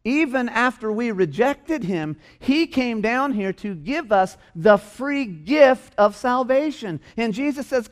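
A man's voice: very high-pitched, lively intonation, takes it slowly, few pauses. A man preaching a sermon in a church, stressing and repeating his key phrases. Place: church hall.

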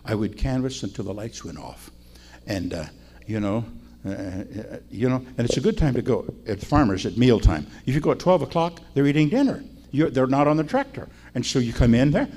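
Folksy older preacher, very lively. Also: male voice, mid-range voice, fairly quick. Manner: folksy, chatty, asks the audience. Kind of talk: storytelling sermon.

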